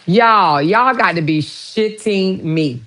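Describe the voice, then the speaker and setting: A woman hosting her own vlog, reacting out loud to news with exclamations and lots of swearing, talking straight to her viewers. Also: medium pitch, expressive, slow pace, rough recording. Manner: profane, exclamatory, talks to viewers. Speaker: vlogger host. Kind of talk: casual reaction commentary.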